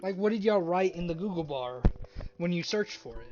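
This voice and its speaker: A man's voice: high voice, lively intonation, normal speed, darkish tone, dull audio, faint music behind. A man playing a tabletop game online, talking casually and laughing often, with some swearing. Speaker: player.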